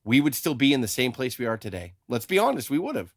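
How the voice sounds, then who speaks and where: A man's voice: medium pitch, big pitch swings, quick pace, no echo, studio quality. A man hosting a podcast, talking in a rambling, opinionated way with plenty of swearing. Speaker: podcast host. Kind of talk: casual podcast chat.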